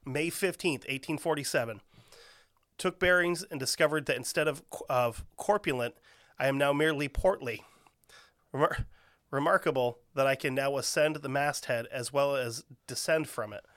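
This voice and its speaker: A man's voice: mid-range voice, moderate pace, a bit bright, dry recording, clean studio sound. A young man co-hosting a comedy podcast, reading an old diary aloud and swearing through wry jokes. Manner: profane, joking, reads a diary aloud with wry asides. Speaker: podcast co-host.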